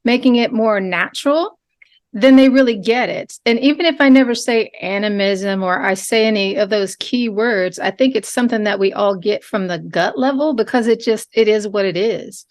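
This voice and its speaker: A woman's voice: medium pitch, normal speed. A woman who works as a trauma therapist, speaking earnestly as a podcast guest and restarting her sentences often. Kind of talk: casual podcast interview.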